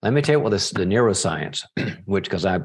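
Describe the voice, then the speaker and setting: A man's voice: low voice, brisk, slightly rough. A man, a psychologist guest, telling a story in conversation and acting out the dialogue. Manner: animated storyteller, acts out dialogue.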